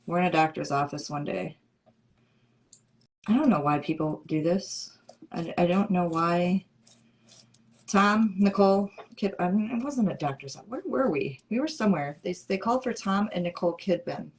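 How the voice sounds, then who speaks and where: A woman's voice: lowish voice, lively intonation, normal speed. A middle-aged woman hosting a crafting livestream, chatting casually and playfully with her viewers and answering their comments. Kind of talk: casual chat with live viewers.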